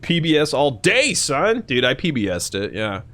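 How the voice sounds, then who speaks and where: A young man hosts a live stream at a moderate pace, chatting casually and profanely with his viewers in an animated way and often slipping into shrill mock voices.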